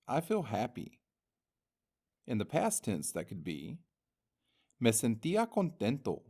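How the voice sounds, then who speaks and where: A male teacher narrates an instructional lesson in a slow, deliberate voice. His pitch moves up and down a great deal as he reads out each word and its meaning. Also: very animated, darkish tone. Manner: slow and deliberate, reading words and their meanings. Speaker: language teacher.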